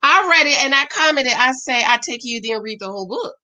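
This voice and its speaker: Middle-aged woman, live-stream co-host, bright tone, chatty and animated with her audience. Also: high-pitched, fast. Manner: animated, talks back to viewers' comments. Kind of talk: casual live-stream chat.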